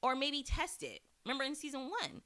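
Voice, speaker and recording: A woman's voice: big pitch swings, a little fast, bright, forceful tone. A woman hosting a podcast, reviewing a TV episode in casual, candid talk, often laughing and swearing. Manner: candid, profane, laughs often, mimics characters in high voices.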